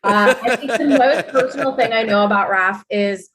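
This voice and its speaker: A woman's voice: fairly high pitch, moderate pace, fairly bright tone. Joking, teasing young woman co-host. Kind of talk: casual podcast chat.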